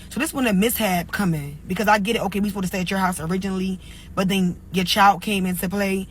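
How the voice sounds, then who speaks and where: A woman's voice: mid-range voice, fast talker, slight background noise, low-quality recording. A young woman, a single mother, telling a story casually and filling her talk with "like" and "or whatever". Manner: chatty, lots of "like" and "or whatever". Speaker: storyteller in a clip.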